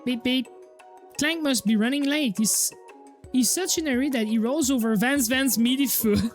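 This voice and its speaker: A woman's voice: high-pitched, moderate pace, faint music behind. A woman streamer reading a visual novel aloud in an amused, chatty way. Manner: amused, chatty narration with frequent laughs. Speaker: gaming streamer.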